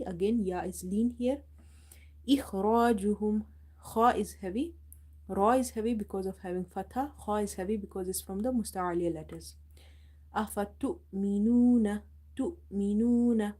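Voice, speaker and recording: Mellow-voiced woman teaching tajweed. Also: mid-range voice. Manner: recites verses slowly and repeats them, then explains each rule calmly. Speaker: Quran recitation teacher. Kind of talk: live tajweed lesson.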